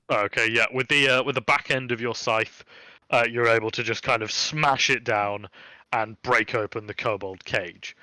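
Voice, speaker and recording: A man's voice: mid-range voice, fairly even intonation, measured pace, pushed and bright, no room sound, soft background music. A man narrating a tabletop game as game master, casual and full of fillers.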